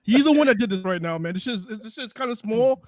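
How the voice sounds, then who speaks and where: A loud, joking American man co-hosting a football podcast, swearing freely. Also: high voice, lively intonation, fairly quick, dry recording. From United States. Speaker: podcast co-host. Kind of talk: sports podcast chat.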